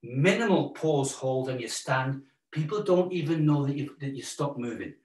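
A man's voice: mid-range voice, expressive, moderate pace, darkish tone. Upbeat Welsh man leading a workout class. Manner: upbeat, encouraging, jokey, counting out moves. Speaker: fitness instructor. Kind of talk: live exercise class instruction. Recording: roomy echo, mic at a distance.

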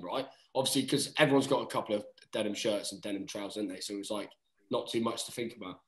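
A man's voice: mid-range voice, fast talker, echoey room, poor audio. A man, a rugby player telling stories as a podcast guest, chatty and peppering his talk with "mate". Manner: chatty, says "mate" often, lively retelling. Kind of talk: casual storytelling chat.

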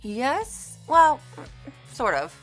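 A woman's voice: high-pitched, huge pitch swings, extremely slow, fairly bright tone, faint music behind. A woman hosting a casual TV recap, speaking in a bubbly, sarcastic way. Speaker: host.

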